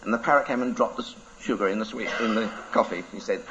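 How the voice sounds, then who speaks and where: A man's voice: lowish voice, fast talker, noisy background. A man, a preacher telling a playful story to children. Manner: lively, playful, laughs through the telling. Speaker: preacher giving a children's talk. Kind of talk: animated storytelling. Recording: dull lo-fi recording.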